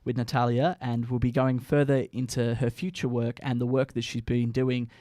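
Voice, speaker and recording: A man's voice: medium pitch, level tone, normal speed, mellow, dry recording, clean studio sound. A man presenting a student radio show, talking with hesitant uhs. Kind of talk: radio links.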